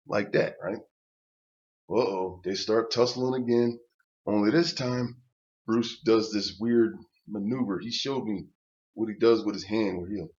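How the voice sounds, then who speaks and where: A man's voice: lowish voice, lo-fi sound. Older man ranting with profane restarts. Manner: blunt, profane, stammering restarts. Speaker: vlogger telling a personal story. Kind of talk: casual profane storytelling rant.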